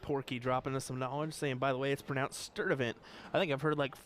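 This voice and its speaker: A man with a slight Ozark twang doing relaxed color commentary on a darts match. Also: mid-range voice, quick pace. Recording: crowd chatter behind.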